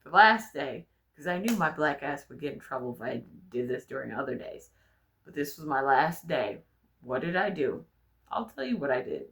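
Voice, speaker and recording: A young adult woman vlogging, telling personal stories in a frank, animated way and swearing freely. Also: deep voice, moderate pace. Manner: frank, profane, animated storyteller. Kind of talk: candid personal storytelling.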